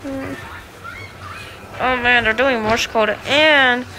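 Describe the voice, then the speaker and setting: A woman giving excited, chatty gameplay commentary who repeats herself when things get tense. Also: on the high side, slow, faint music behind, rough recording. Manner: chatty, exclaims and repeats itself under stress. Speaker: gaming video narrator. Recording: loud background noise.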